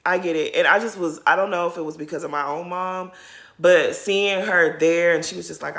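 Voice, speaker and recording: A woman's voice: fairly low pitch, fairly even intonation, a little fast, fairly bright tone. A woman giving a casual, candid recap of a reality show episode, talking straight to her viewers. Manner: chatty, addresses viewers as y'all; candid, openly emotional. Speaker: reality TV commentary YouTuber. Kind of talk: casual recap commentary to camera.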